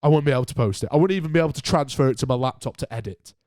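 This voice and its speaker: A man's voice: mid-range voice, expressive, racing, darkish tone, dry recording, clean studio sound. A young man with a Northern English accent hosting a casual solo podcast, chatty and jokey, rambling through his points with restarts. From Northern England. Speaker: podcast host.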